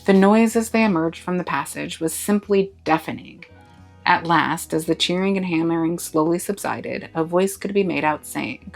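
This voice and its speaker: A woman reading a classic novel aloud with expressive narration. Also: low voice, normal speed, gravelly, faint music behind, rough recording. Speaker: storybook reader.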